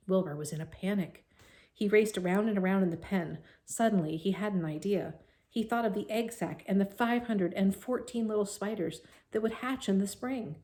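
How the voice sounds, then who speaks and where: A woman's voice: mid-range voice, moderate pace. Woman reading a children's novel aloud. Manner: expressive, asides to young listeners.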